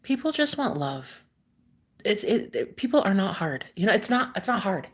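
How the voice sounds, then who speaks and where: A woman's voice: medium pitch, big pitch swings, moderate pace. Casual swearing young woman livestreamer. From United States. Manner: meandering, swears casually, laughs often. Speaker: livestream host. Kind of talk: casual spiritual chat to viewers.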